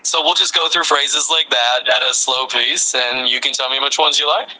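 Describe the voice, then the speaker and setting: A man's voice: mid-range voice, fairly even intonation, moderate pace, bright, forceful tone, low-quality recording. A male AI voice assistant acting as a friendly conversation partner, upbeat and reassuring.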